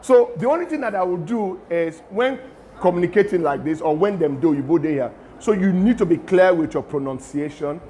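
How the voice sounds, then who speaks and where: A middle-aged Nigerian man with a Nigerian accent, giving a lively lecture to students and mixing in pidgin asides. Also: sits high, moderate pace, a little hiss or hum. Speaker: guest lecturer.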